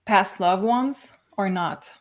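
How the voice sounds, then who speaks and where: Female tarot reader, calm and explanatory, middle pitch. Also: takes it slowly. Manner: gentle, explanatory, some hesitations. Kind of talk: tarot reading on a livestream.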